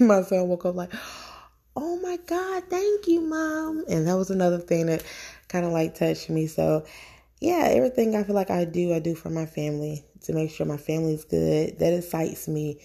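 A woman's voice: deep voice, steady tone, a little fast, creaky, dark tone. A stay-at-home mom hosting her own casual podcast, talking into her phone in a chatty, rambling, enthusiastic way, a little nervous. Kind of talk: casual solo podcast talk.

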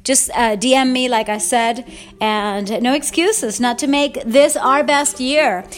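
A woman's voice: on the high side, fairly even intonation, a little slow. Emotional woman fitness coach, rambling. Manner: emotional, rambling, laughs often. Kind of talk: casual heartfelt vlog. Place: at home, Eastern US time. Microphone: phone without external mic.

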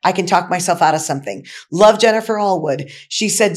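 A woman's voice: on the low side, brisk. A middle-aged woman, co-founder of a nonprofit, talking as a guest with enthusiastic, emphatic energy and a habit of repeating her points. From Indiana, USA. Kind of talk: energetic interview talk.

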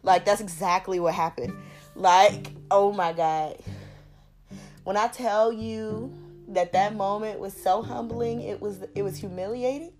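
A woman's voice: medium pitch, a little slow, a little mellow. A young woman in her twenties hosting a podcast, talking candidly and emphatically in slangy casual speech, repeating points for weight. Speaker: podcast host. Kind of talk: casual monologue. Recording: music playing underneath.

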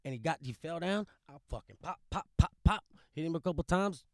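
A man's voice: fairly high pitch, animated, fairly quick, dry recording. Guy from Louisiana, profane and blunt, dry close mic, casual podcast storyteller. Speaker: podcast guest.

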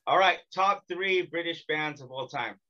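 This is an American man running a podcast interview in a relaxed, joking way, ribbing his guest as he goes. His voice is bright and forceful and sits a little high for a man. The recording is muffled and lo-fi. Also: normal speed. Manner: joking, teasing, energetic. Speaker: podcast host. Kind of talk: casual interview chat.

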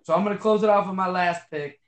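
A man's voice: high voice, fast. Man, casual podcast chat, rambling, filler-heavy, roomy echo. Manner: rambling, lots of fillers and profanity. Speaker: podcast co-host.

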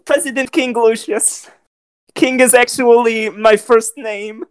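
A woman improvising a bumbling, stranded president in a comedy role-play, speaking in a hesitant, fumbling, deadpan way. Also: on the high side, takes it slowly, smooth, dry recording. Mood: insistent. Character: bumbling stranded male space president, King Lucius.

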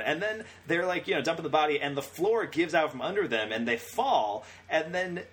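A man's voice: fairly high pitch, lively intonation, normal speed, hardly any pauses, a bit bright, slight background noise. A young man co-hosting a podcast, retelling scenes in a rambling, casual way with frequent laughter. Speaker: podcast co-host. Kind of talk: casual chat.

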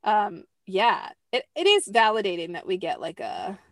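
A woman's voice: mid-range voice, animated, moderate pace, fairly bright tone, dry recording. A young adult woman hosting a podcast, talking casually and acting out quotes with lots of fillers. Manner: chatty, fills with "like", acts out quotes. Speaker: podcast host. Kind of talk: casual chat.

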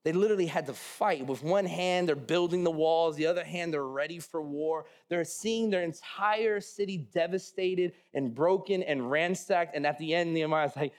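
A man's voice: on the high side, normal speed. A man in his thirties preaching a sermon, telling a funny personal story and acting out the voices with self-mocking humor. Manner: animated, acts out quotes, self-mocking humor. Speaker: pastor.

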